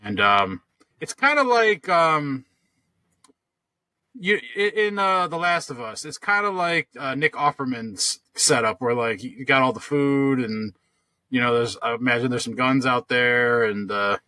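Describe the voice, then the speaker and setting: A man's voice: medium pitch, animated, unhurried, pushed and bright, dry recording. A man co-hosting a podcast, telling a long story in casual chat, rambling with lots of fillers and restarts. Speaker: podcast co-host.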